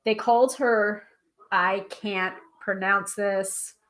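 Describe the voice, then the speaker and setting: A woman hosting a live tarot stream, chatting casually and reading aloud from a guidebook, self-deprecating and a little halting over hard names. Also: mid-range voice, steady tone, a bit bright. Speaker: tarot reader and livestream host.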